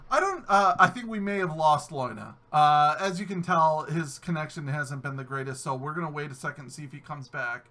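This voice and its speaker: A man's voice: on the high side, a little fast, few pauses. A man from New York State hosting a live-streamed podcast, chatting casually and acting out other people's voices as he tells stories. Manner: animated storyteller, acts out other voices. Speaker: podcast host. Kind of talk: casual chat.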